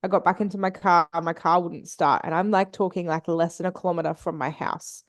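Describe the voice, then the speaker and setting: A woman's voice: lowish voice, fairly even intonation, brisk. A woman guesting on a podcast, telling a personal story candidly and swearing freely. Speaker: podcast guest, business and mindset coach.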